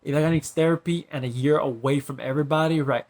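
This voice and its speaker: A man rambling in a monologue to the camera, constantly tagging his sentences with "bro" and "right", and trailing off into quiet drawled asides. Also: fairly high pitch, quick pace.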